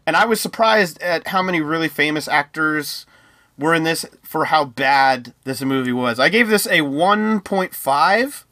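A man with a bright, forceful, slightly high voice co-hosts a casual movie review chat. He talks in a chatty, joking way and spins playful conspiracy theories. The sound is dry and close. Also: lively intonation, measured pace, no room sound. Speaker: podcast co-host.

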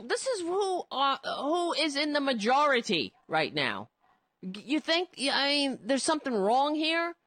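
A woman's voice: sits high, fairly bright tone, no room sound. A woman giving casual political commentary, indignant and sarcastic, rambling with frequent restarts. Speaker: commentary host.

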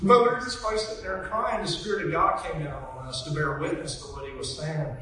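A woman preacher spins a chatty, animated story for her congregation. Her voice is bright and tense. It rings through a very echoey church hall, picked up from some distance with faint ambience behind. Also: low voice, fairly quick, slight background noise. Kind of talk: storytelling sermon.

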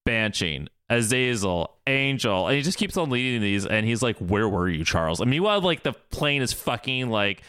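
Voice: medium pitch, brisk, hardly any pauses, no room sound, studio quality. A podcast co-host recapping a film scene by scene in casual chat, acting out the characters' lines along the way. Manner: animated retelling with acted-out quotes.

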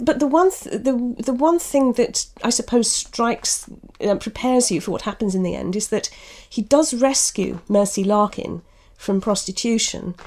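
A woman's voice: medium pitch, darkish tone. A woman novelist discussing a book and reading from it, thoughtful and full of restarts. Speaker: novelist guest.

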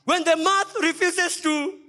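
High-pitched, bright-voiced pastor preaching. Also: male voice, steady tone, unhurried. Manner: preaching with sudden shouts and soft drops. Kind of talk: sermon. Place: church.

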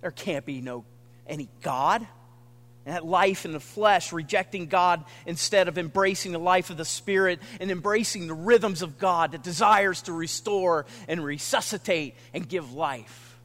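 A man preaching a sermon with earnest, dramatic pauses, sometimes dropping almost to a whisper. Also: sits high, fairly bright tone, in a large hall. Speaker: pastor.

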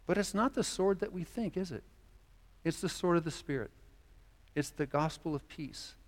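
A man's voice: on the high side, normal speed. A man preaching a sermon as pastor, earnest, voicing quoted dialogue as he speaks. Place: church sanctuary. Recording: long church reverb.

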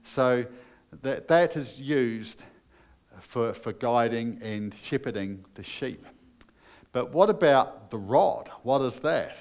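A man's voice: mid-range voice, expressive, takes it slowly, darkish tone. A man preaching a sermon as pastor, earnest and emphatic, putting questions to his listeners.

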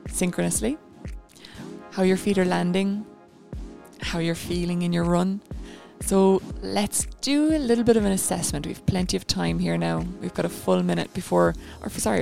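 A woman's voice: lowish voice, gravelly, darkish tone. A woman coaching a guided running session, chatty and encouraging, given to rambling asides.

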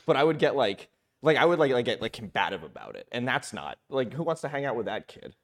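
A young man chatting on a podcast, telling self-mocking stories in an animated way. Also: mid-range voice, fast talker. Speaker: comedian guest. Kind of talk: casual podcast chat. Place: podcast studio room.

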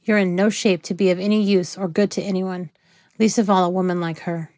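A woman reading the part of a guarded, angry wounded man who speaks in low, clipped words. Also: fairly even intonation, a little fast, darkish tone, no echo, studio quality, close to an everyday voice. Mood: muttering.

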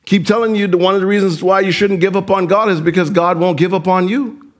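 A man preaching a sermon as pastor, animated and addressing the congregation with direct questions. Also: sits high, quick pace.

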